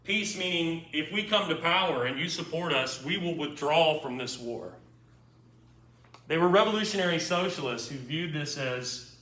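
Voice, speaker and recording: A man of medium pitch, his voice pushed and bright, gives a wry, informal history lecture, checking in with his students along the way. The recording is echoey with a distant mic and slight background noise.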